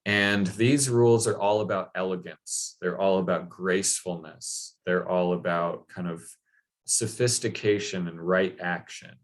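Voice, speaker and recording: A man giving a relaxed talk that retells an old legend, speaking conversationally with many fillers and quoted asides. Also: deep voice, a little slow. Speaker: speaker on mythology. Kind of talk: casual lecture retelling a legend.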